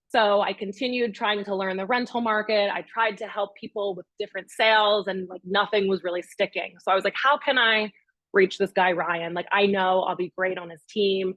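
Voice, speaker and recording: A young adult woman who works as a real estate agent tells a personal story at a master class, animatedly acting out her own past words and other people's. Her voice is medium-pitched and a little fast, with no room sound.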